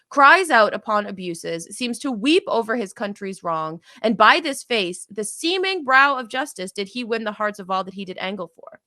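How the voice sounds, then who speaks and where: A woman's voice: medium pitch, sharp tone, dry recording. A woman reading the verse of a hot-headed young male rebel lord, delivering his long list of grievances in a heated rush.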